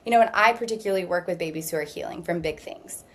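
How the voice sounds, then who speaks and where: A woman speaking as a nutrition practitioner guest in an interview, explaining things in a steady, reassuring way at length. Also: on the low side, fast. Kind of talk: calm explanatory interview talk.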